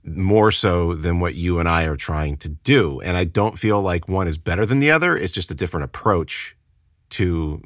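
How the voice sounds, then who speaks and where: Very deep-voiced man in casual chat. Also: animated, normal speed, a bit bright, no echo, clean studio sound. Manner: conversational, emphatic, restarts phrases. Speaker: podcast co-host.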